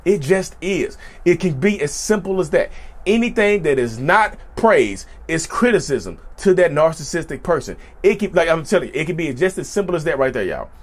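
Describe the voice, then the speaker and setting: A man's voice: on the high side, moderate pace. A man hosting his own channel in a casual monologue, repeating his points and calling his viewers "y'all", his voice sometimes cracking. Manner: animated, repeats phrases, addresses viewers as y'all. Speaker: YouTube channel host.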